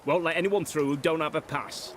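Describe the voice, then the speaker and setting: A man's voice: fairly high pitch, a little fast, close to an everyday voice. A man doing a curt, officious bridge guard. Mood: stern. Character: brusque male soldier guarding a bridge. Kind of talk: video game voice acting. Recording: game audio under loud noise.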